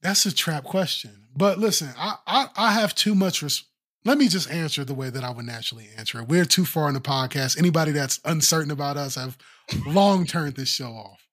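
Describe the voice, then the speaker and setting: A man co-hosting a podcast, chatting casually and telling animated, laughing stories. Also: on the high side, fairly quick. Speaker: podcast co-host.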